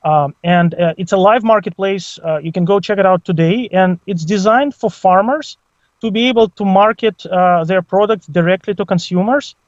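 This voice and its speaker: High-voiced Russian-accented man on Skype. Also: dry recording. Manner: measured, with many "uh" fillers. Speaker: guest, crypto project co-founder. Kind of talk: interview answers. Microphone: Skype call. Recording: muffled Skype call audio.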